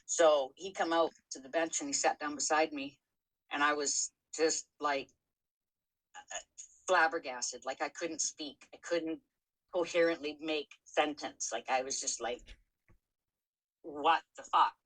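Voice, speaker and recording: A woman's voice: low-pitched, fairly even intonation, unhurried, rough recording. A middle-aged woman frankly telling her own story on a podcast, swearing freely, with many fillers and restarts. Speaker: podcast co-host. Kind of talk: candid personal storytelling.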